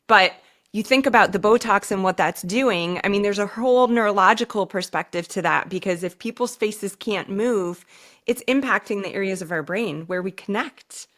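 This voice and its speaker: A woman hosts an interview. She talks in a conversational way and thinks aloud, with asides. Her pitch sits in the middle for a woman. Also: moderate pace, a bit bright. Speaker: host.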